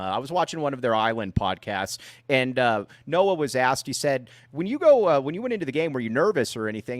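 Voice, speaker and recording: A man hosting a casual sports talk show, playful and quick to joke. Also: a bit bright, no echo, studio quality. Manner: playful, swings into a high announcer voice. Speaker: podcast host.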